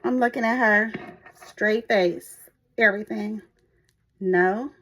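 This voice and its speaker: A woman telling a personal story in a casual, animated way at a church gathering. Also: a little slow, slight background noise. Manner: animated, acts out others' voices in high pitch. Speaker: storyteller sharing her life story.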